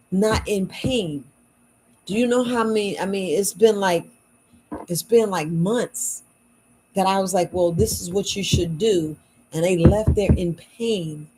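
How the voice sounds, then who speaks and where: Tired husky woman talking low. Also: a little mellow, poor audio. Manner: low-voiced, repetitive and emphatic, folksy speech. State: tired, worn out. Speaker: herbal shop owner selling wellness patches. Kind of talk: casual late-night livestream talk. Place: at home at night.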